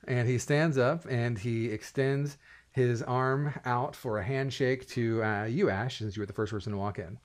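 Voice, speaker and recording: A low-voiced man running a tabletop game as game master. He narrates in a halting way, with many fillers and restarts.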